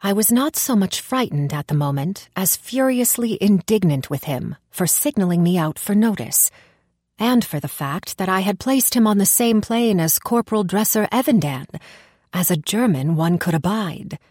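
A woman reading a story aloud in a steady, even storytelling manner, close to the mic. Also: medium pitch, moderate pace, breathy edge, dry recording. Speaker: audiobook reader. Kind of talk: scripted narration.

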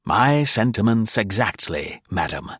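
A broad-shouldered, gruff stranger with a deep voice and a wry, wary manner , as an audiobook narrator plays him. The reading is close and dry. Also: male voice, big pitch swings, a little slow, a bit bright, no echo, exaggerated voice. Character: heavy-set, gruff, suspicious man with a gun.

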